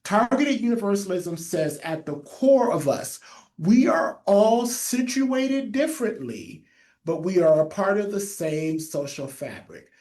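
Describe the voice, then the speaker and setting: Mellow-voiced man with a lisp. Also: sits high, big pitch swings, measured pace. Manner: emphatic, repeats key phrases for note-takers. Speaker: public health trainer. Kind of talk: webinar presentation.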